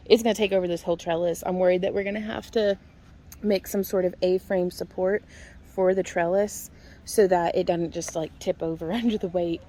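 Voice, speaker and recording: A chatty woman with a twang gives a casual tour of her backyard garden, her voice sitting at an everyday middle pitch. She talks in a folksy, easygoing way and laughs often. A faint hiss of outdoor noise runs underneath. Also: warm tone. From Missouri. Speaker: homestead vlogger. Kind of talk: casual garden walk-through vlog.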